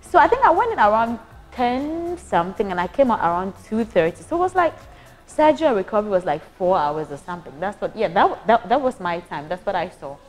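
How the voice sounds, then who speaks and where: A young Ghanaian woman casually recounting her hospital stay as a patient, animated and prone to restarts. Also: mid-range voice, brisk, faint music behind. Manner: animated, acts out voices, frequent restarts. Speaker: patient giving a testimonial. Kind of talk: casual storytelling.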